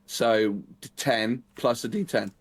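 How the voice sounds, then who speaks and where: Man, game master, casual, swears, counts squares aloud, mid-pitched voice. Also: measured pace, slightly rough. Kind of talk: narrating a tabletop game.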